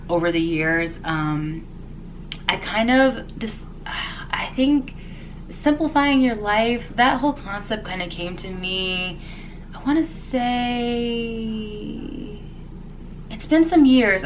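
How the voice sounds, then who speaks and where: A woman's voice: a little high, takes it slowly, a little hiss or hum. A congested woman chatting in a rambling, unedited home vlog, laughing often. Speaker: vlogger. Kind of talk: casual unedited vlog chat.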